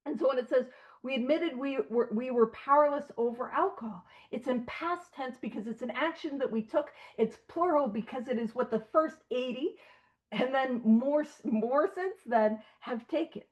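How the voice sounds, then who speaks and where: Woman, high voice, earnest and emphatic study leader, slightly muffled call audio. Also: normal speed, darkish tone. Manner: earnest and emphatic, with asides and laughs. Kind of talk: conversational study talk. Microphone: video call.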